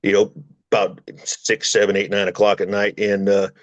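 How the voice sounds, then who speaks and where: A man's voice: fairly low pitch, monotone, moderate pace, dry recording. A man, a former long-haul truck driver, telling road stories in rambling casual chat and acting out the voices he quotes.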